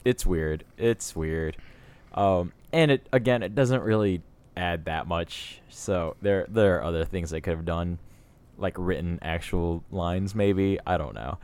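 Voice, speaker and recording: A man co-hosting a casual podcast chat, relaxed and agreeable, with plenty of fillers. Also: sits low, unhurried, clear, resonant tone. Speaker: podcast co-host.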